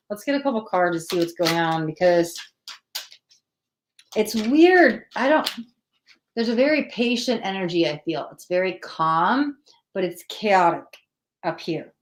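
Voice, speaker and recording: A woman's voice: fairly low pitch, normal speed, slight background noise. A woman hosting a live psychic tarot reading, chatting with viewers and talking through the cards as she pulls them. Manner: chatty, animated, acts out quoted voices. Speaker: tarot reader.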